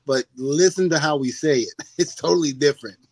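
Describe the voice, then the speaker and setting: Animated, laughing older man on a podcast. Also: fairly high pitch, a little fast, breathy edge, no echo. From United States. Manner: animated storyteller who laughs often and swears freely. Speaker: guest, former wrestler. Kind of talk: casual podcast chat.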